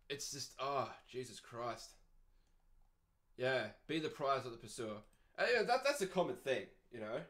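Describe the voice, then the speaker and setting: A young Australian man in his twenties talks in a loose, foul-mouthed podcast rant. His voice sits a little higher than most men's. He is sardonic and unfiltered. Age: 20s. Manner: profane, ranting and sardonic. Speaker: podcast host.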